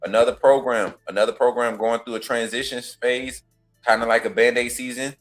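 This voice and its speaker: A man's voice: mid-range voice, fairly even intonation, fairly quick. A man talks sports, voice in a middle register. He rambles, restarts his sentences and trash-talks with a laugh in his voice. Faint music plays underneath. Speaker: host of a football call-in show. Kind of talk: casual sports talk.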